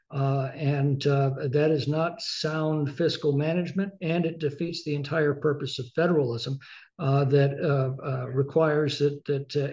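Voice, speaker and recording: Man, congressman type, measured answers, slightly high voice, dull lo-fi sound. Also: darkish tone. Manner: measured, with frequent uh fillers. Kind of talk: interview answers.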